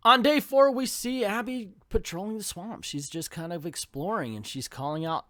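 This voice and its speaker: A man's voice: high-pitched, normal speed, hardly any pauses, pushed and bright, no room sound. A man hosting a casual comic book recap, chatty and self-deprecating, who reads the panels aloud and voices the characters when quoting them. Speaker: comics channel host.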